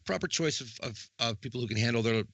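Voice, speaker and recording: A man's voice: medium pitch, animated, quick pace, a bit bright, dry recording. A man co-hosting a casual podcast, joking and rambling with restarts as he talks over plans for streams.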